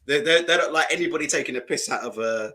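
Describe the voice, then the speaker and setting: Guy streaming reactions, high bright voice, chatty and mocking. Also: fast talker. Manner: chatty, mocking, laughs often, asks rhetorical questions. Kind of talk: casual live-stream reaction commentary.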